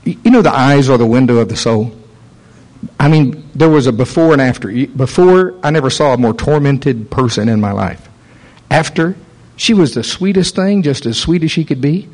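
A man's voice: medium pitch, moderate pace, poor audio. A man preaching a sermon, telling a story and acting out the voices in it. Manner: animated storyteller, acts out voices.

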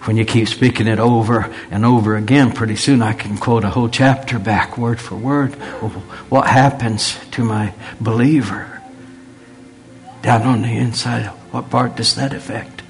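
A man's voice: medium pitch, steady tone, moderate pace, vocal fry. A man preaching a sermon in an earnest way, repeating phrases for emphasis and dropping in humorous asides.

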